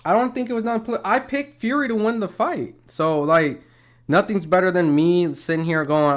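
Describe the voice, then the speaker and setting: A man's voice: fairly high pitch, moderate pace. Casual, argumentative male fight commentator. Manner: conversational, profane, argumentative. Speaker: boxing commentator on livestream. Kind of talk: casual livestream chat, reading viewer comments.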